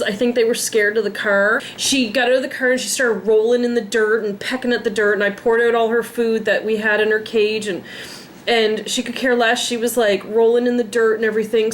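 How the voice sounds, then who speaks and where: Woman in her thirties, pet vlogger, tearful and worn out, halting personal talk with a higher voice. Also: a little hiss or hum. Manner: emotional, rambling, sighing, halting. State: tearful, drained. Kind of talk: casual personal vlog.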